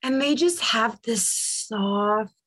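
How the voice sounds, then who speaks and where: A woman's voice: fairly high pitch, slow, a bit bright. A woman from Southern California hosting a podcast interview, playful and self-deprecating, laughing easily. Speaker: podcast host. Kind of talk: casual interview chat.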